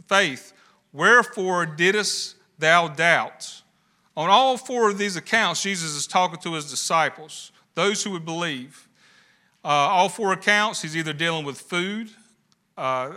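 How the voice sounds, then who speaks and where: A man's voice: fairly high pitch, sharp tone. A man preaching a sermon, building emphasis with rhetorical questions. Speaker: pastor.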